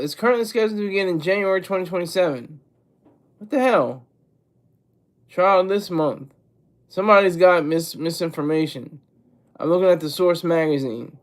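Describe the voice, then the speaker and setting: Rambling through casual livestream commentary and reading chat, this high-voiced host keeps a moderate pace broken by long pauses. He cuts himself off, often repeats words, and laughs softly to himself between ideas.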